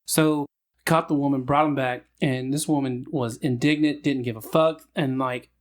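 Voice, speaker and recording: A man's voice: medium pitch, normal speed. A man in his thirties, a podcast co-host telling profane stories and acting out the people in them. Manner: profane, animated storyteller acting out quoted people. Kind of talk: casual chat, storytelling.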